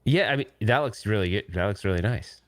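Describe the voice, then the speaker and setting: A man's voice: on the low side, no room sound. Guy from rhode island chatting on a gaming podcast, voice jumps all over, super dry close sound. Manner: animated storyteller, quick to laugh. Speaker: podcast guest. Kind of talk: casual podcast chat.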